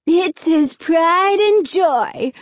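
A boastful, loud young boy who likes to sneer, voiced by a woman reading a story. The pitch is lifted above her narrating voice, and the delivery is dry and close. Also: lively intonation, takes it slowly, no room sound. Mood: brash.

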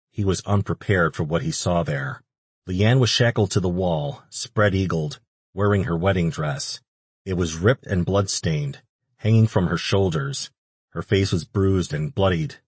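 A man reading an audiobook in steady, even scripted narration, recorded close on a studio mic. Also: low-pitched, husky, no room sound.

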